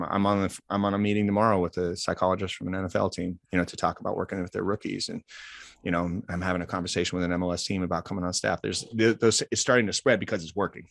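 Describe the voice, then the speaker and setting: A man's voice: low voice, creaky, no room sound. A man, a life coach telling stories in a casual interview and acting out the dialogue. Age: 40s. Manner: animated storyteller acting out quoted dialogue. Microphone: close podcast mic.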